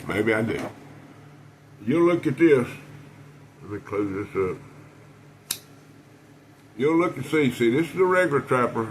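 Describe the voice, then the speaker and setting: Talking casually to camera about his knife collection, a man with a medium-pitched voice rambles in a folksy way, full of fillers and frequent restarts. The audio is poor, with a little hiss or hum.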